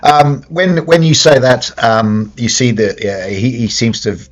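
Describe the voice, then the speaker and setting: A man narrating a tabletop horror game as game master, speaking haltingly with many fillers and restarts. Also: medium pitch. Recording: dull lo-fi sound with faint music.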